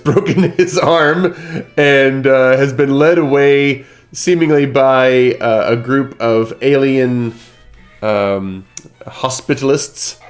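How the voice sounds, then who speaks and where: A man hosting a live-streamed tabletop game as game master, chatty and rambling with lots of fillers over a video call. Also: medium pitch.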